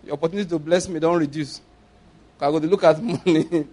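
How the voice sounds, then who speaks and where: A man's voice: a little high, fairly even intonation, quick pace, mellow. A middle-aged man with a Nigerian accent preaching a sermon, playful and acting out dialogue between points. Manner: playful, acts out dialogue, laughs often. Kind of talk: sermon with acted-out stories.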